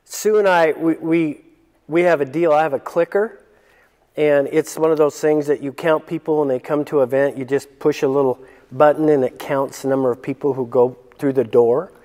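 A man's voice: a little high, fairly even intonation, moderate pace, warm tone. A male pastor preaching a sermon, reading scripture and joking in conversational asides. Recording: long reverb in a hall.

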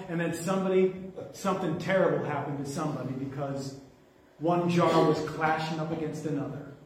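High-voiced preacher in an echoey hall. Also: male voice. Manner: animated, conversational, jokes with the congregation. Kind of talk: sermon. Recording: echoey hall, mic from far off.

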